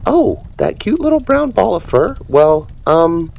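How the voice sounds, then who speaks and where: Dory, a man doing a squeaky bubbly fish girl. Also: big pitch swings, measured pace, gravelly, darkish tone, muffled recording, heavily acted. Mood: excited. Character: scatterbrained cheerful female cartoon fish.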